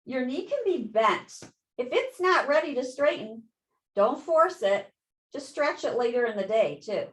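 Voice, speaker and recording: A woman yoga instructor giving calm step-by-step cues and counting breaths through a guided class. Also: sits high, unhurried. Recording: echoey room.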